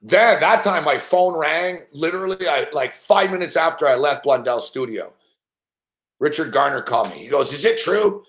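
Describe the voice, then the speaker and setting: A man's voice: a little high, moderate pace, fairly bright tone. A man hosting a sports betting show, telling rambling, profanity-laced anecdotes with frequent laughs. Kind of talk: casual storytelling on a live stream.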